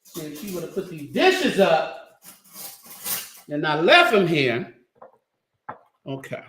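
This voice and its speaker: A man chats casually to his viewers while cooking in his home kitchen. His voice sits high and comes across bright and forceful. Now and then he drifts away from the mic as he works. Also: a little hiss or hum. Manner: chatty, talks straight to viewers while cooking. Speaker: cooking livestream host.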